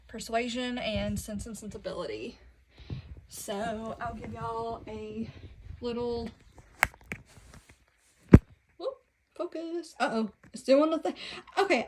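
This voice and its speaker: Young Southern woman, slightly high, casual and chatty, self-deprecating vlog host, phone mic in a bedroom. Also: animated, a little slow, long pauses, background noise. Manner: chatty, self-deprecating, giggly asides to viewers. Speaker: book vlogger. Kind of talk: casual bookshelf tour. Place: bedroom at home. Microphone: phone camera.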